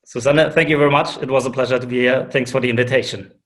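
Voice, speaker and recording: A man's voice: medium pitch, steady tone, fast, a bit bright. Earnest, hesitant man on a panel. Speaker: panel guest, AI innovation lead. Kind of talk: panel discussion answer.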